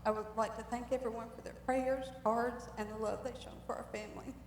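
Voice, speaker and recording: A woman's voice: fairly high pitch, level tone, brisk, a little hiss or hum. A woman reading a family statement aloud at a memorial, with plain explanatory asides. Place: memorial service hall. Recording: distant voice in an echoey hall.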